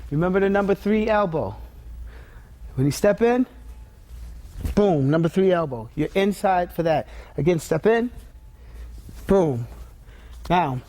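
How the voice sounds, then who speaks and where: Warm and animated, a fairly high-voiced martial arts instructor guides a demonstration at an unhurried pace with long pauses. He gives drill commands and explains blocks and strikes one step at a time.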